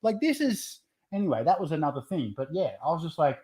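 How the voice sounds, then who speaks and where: A man ranting with a lively swinging pitch. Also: fast. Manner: heated, ranting, swears often. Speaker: podcast co-host. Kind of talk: casual chat over a beer.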